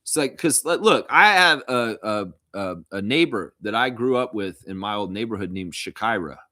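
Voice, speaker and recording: A man's voice: on the low side, expressive, normal speed, pushed and bright, no room sound, studio quality. A man hosting a casual live stream, reading chat comments and rambling with jokes and laughter.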